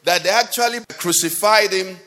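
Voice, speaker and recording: Pastor preaching, high voice. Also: male voice, normal speed, bright, forceful tone. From Nigeria. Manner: emphatic, rhetorical questions to the congregation. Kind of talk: sermon. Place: church hall. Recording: long hall reverb.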